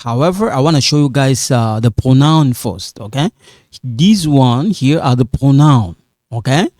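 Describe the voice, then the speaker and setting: Teacher, man, unhurried, deep soft tone, keeps asking okay. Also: expressive, no room sound, clean studio sound. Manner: slow, repetitive, checks in with "okay?". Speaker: French teacher. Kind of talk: whiteboard grammar lesson.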